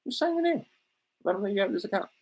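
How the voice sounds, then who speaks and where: A man voicing a smooth-talking benefactor figure in a raised, sing-song, coaxing voice. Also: high voice, sing-song, fast talker, darkish tone, pitched above the performer's own voice, heavily acted.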